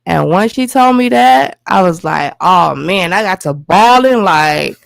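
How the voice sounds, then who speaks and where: A woman's voice: fairly low pitch, measured pace, vocal fry, no room sound. A woman telling a personal story as a guest, acting out the lines of the people involved as she goes. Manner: animated retelling with quoted dialogue. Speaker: guest, host's wife.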